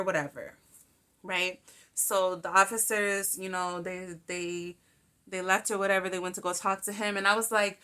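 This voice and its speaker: A young woman hosting a show, telling a personal story in a candid, animated way and swearing freely. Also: mid-range voice. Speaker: podcast host. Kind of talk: casual storytelling monologue.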